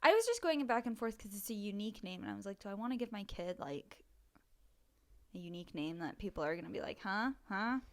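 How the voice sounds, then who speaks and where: A woman's voice: medium pitch, sing-song, fast, a little mellow. A young woman co-hosting a podcast in casual chat, talking loosely with lots of "like" and hedging. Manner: chatty, filler-heavy, hedging with "like". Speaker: podcast co-host.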